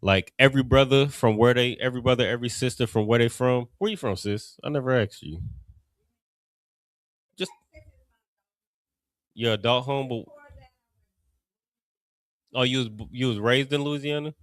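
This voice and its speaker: A man's voice: mid-range voice, normal speed, long pauses, no room sound. A man from Cincinnati with an Ohio accent, teaching a class in a loose, conversational way with many asides. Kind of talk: casual teaching talk.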